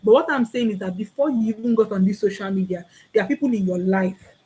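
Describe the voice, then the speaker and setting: Earnest young Nigerian woman, husky. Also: medium pitch, fast, warm tone, low-quality recording. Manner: earnest and preachy, repeats key phrases, acts out little dialogues. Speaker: vlogger. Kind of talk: heartfelt talk to camera.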